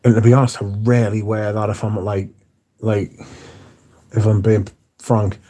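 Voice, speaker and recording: A man's voice: fairly low pitch, level tone, normal speed, mellow. A man hosting a casual livestream, reading viewer comments aloud and answering them, swearing casually. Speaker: livestream host reading chat.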